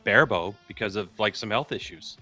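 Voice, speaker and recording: A man commentating archery in a relaxed, joking chat, telling stories with animated asides. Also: fairly low pitch, brisk, husky, faint music behind.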